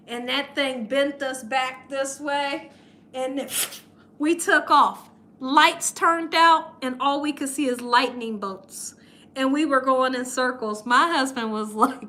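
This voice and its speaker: A woman hosting a live cooking stream, telling stories in a lively way and laughing often. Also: high voice. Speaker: cooking channel host. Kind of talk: live-stream storytelling chat.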